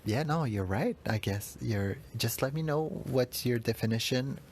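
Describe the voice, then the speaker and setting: A man's voice: medium pitch, expressive, measured pace, darkish tone, slight background noise. A man hosting a podcast, reflecting aloud in a rambling, heartfelt way and often addressing himself. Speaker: podcast host. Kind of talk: emotional spoken reflection.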